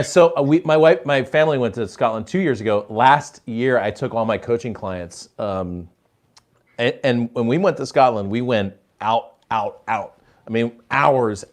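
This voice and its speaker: A man of middle pitch hosts a live show in a chatty, casual way. He keeps things friendly and loose, tossing in "dude" and "man" as he reads out audience questions. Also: normal speed. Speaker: podcast host.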